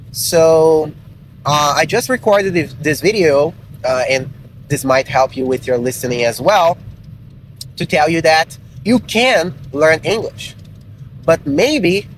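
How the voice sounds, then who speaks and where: A man's voice: on the high side, slight background noise, poor audio. A man, an English teacher giving a frank, casual motivational talk in English to learners, swearing freely. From Brazil. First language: Portuguese. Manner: frank and blunt, swears casually, many fillers.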